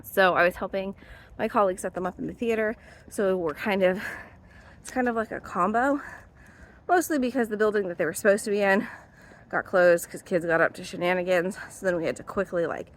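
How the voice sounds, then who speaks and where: A woman's voice: medium pitch, brisk. A young adult woman, a drama teacher, chatting casually in her vlog, rambling with lots of fillers and little laughs.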